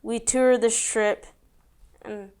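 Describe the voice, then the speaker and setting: A woman's voice: on the high side, little pitch movement, takes it slowly, a little mellow, smooth. A young woman co-hosting a podcast, chatting casually with wry, laid-back remarks. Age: young adult. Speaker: podcast co-host. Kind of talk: casual chat.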